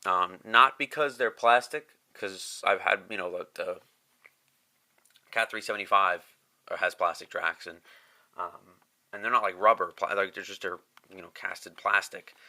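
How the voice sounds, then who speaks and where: Low, bright-toned man with a stuffy nose. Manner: rambling, halting with many restarts. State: stuffed up, congested. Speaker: scale-model reviewer. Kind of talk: casual product review.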